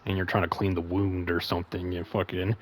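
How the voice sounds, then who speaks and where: A man's voice: low voice, flat delivery, brisk. Laid-back young man chatting casually. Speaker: podcast co-host. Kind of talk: casual chat.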